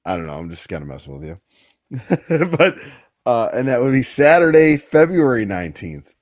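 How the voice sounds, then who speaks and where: A man's voice: mid-range voice, sing-song, moderate pace, dry recording, clean studio sound. A man co-hosting a podcast, going over news items in a casual chat with easy laughs. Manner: reads out news items, then chats with a laugh. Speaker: podcast co-host.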